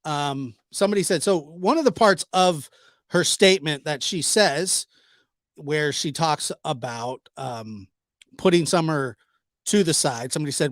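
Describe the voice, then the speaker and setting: Slow, sarcastic male vlogger. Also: on the high side, expressive, dry recording, clean studio sound. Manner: sarcastic, exasperated, mock apologetic. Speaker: channel host, commentator. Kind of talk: sarcastic commentary vlog.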